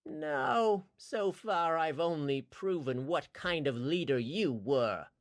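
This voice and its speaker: Cruel taunting warlord, a guy puts him on, higher than his own voice, slow and menacing, dry sound. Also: sing-song, gravelly, no room sound, heavily acted. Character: cruel ruthless male usurper warlord.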